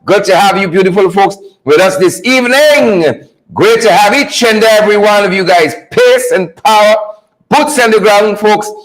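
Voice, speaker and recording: A man's voice: sits high, normal speed, rough recording. Fired-up man hosting a live show. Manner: fired-up, repeats catchphrases and greets viewers by name. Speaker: host of a live online talk show. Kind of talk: energetic live-stream greeting of viewers.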